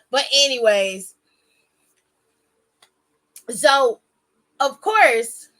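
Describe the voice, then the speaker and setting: Bright-voiced woman chatting a show recap. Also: fairly high pitch, measured pace. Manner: chatty, animated, swears freely, self-interrupting asides. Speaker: wrestling show recap vlogger.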